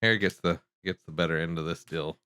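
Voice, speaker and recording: A man's voice: low-pitched, fast, sharp tone, smooth. A man co-hosting a comedy podcast, cutting in with dry quips. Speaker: podcast co-host. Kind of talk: casual comedic banter.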